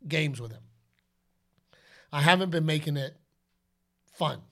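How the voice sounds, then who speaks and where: Animated, high-voiced man chatting casually. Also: unhurried. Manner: animated storyteller, slips into playful announcer shouts. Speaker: podcast co-host; father. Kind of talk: casual podcast chat.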